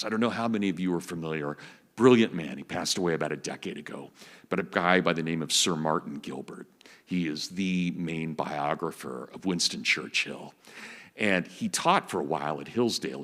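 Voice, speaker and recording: Deep husky man lecturing in a hall. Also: fairly bright tone. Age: 50s. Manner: enthusiastic storyteller. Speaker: guest lecturer. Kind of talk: public lecture with anecdotes. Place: auditorium. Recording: long auditorium reverb.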